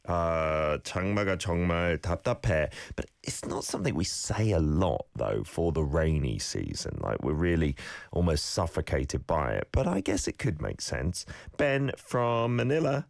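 A man hosting a radio show, playfully correcting listeners' pronunciation and repeating phrases slowly. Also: sits low, big pitch swings, gravelly, no room sound. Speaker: radio host teaching Korean phrases. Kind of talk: casual radio lesson.

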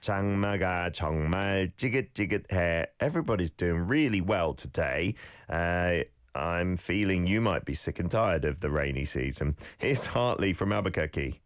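A man hosting a radio show, playfully correcting listeners' pronunciation and repeating phrases slowly. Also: low voice, lively intonation, no room sound, studio quality. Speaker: radio host teaching Korean phrases. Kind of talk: casual radio lesson.

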